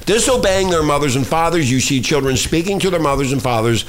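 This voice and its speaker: A man's voice: a little high, animated, quick pace, a little hiss or hum. A man hosting a talk show, ranting and swearing as he reads news stories aloud, often stumbling over words and names. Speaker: show host. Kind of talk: profane talk-radio rant reading news aloud.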